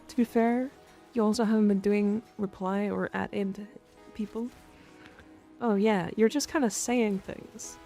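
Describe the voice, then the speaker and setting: A woman's voice: mid-range voice, steady tone, unhurried, dark tone, soft background music. A woman streamer chatting playfully with her viewers in a casual live stream.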